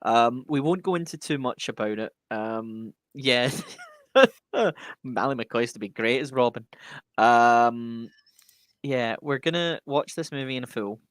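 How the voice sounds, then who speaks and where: Brief: male podcast co-host, jokey and excitable, casual sports talk, dead-dry sound. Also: medium pitch, no room sound. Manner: enthusiastic, quick to joke.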